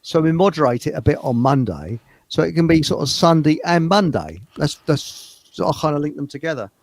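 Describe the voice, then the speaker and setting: Scattered, higher-voiced male host. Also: lively intonation, brisk, dry recording. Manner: scattered, restarts mid-thought. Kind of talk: casual chat.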